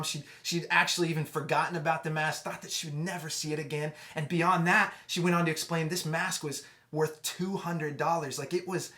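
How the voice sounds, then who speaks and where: Conversational man telling a youth sermon story. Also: fairly high pitch. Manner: conversational, many restarts, drops to hushed tones for emotional moments. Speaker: youth pastor.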